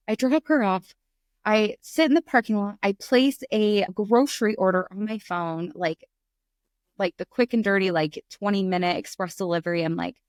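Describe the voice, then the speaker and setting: A middle-aged woman, a podcast guest, telling a candid story in conversation, lively and acting out the voices in it. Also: medium pitch, no room sound, studio quality. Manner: animated, acts out voices in her stories.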